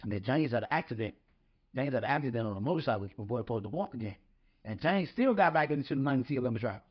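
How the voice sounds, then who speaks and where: Here a former boxer tells casual stories as a podcast guest, talking very fast in an expressive, slightly rough medium-pitched voice. He rambles and repeats words while starting his thoughts. The audio is lo-fi and slightly dull.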